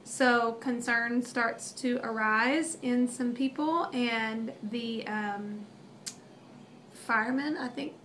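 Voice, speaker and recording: Young mom rambling through a scary story, kinda high voice, lots of ums, faint hiss behind. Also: female voice, fairly even intonation, slow pace, fairly bright tone. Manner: emotional, rambling with many fillers. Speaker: mother telling a family story. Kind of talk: casual storytelling.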